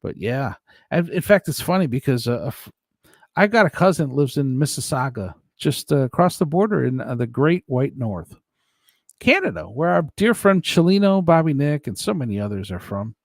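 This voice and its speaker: A man's voice: medium pitch, very animated, normal speed, gravelly, no room sound, studio quality. A man hosting a casual live stream, rambling and chuckling as he talks to his chat by name.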